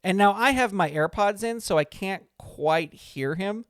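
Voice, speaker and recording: This man's voice is high-pitched, smooth and fairly bright, and he talks a little slowly. Hosting his own podcast from a small studio, he tells a casual, chatty story that wanders and restarts as he interrupts himself, captured cleanly with no echo.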